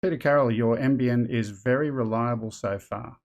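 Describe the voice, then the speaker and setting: A man's voice: medium pitch, normal speed, gravelly. Rambling man hosting a live stream. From Australia. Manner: rambling, thinking aloud. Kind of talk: casual live stream chat.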